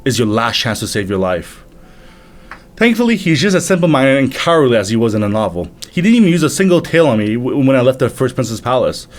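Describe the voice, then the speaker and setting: A man's voice: mid-range voice, very animated, a little fast, natural voice. Man reading as a cool scheming young prince. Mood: calm. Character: calm scheming young male seventh prince.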